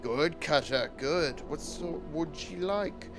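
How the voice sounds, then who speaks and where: A man's voice: a little high, slow, over music, voice pushed up. A man voicing a grimy, grinning male street hawker selling cooked rats with pushy, chummy sales patter.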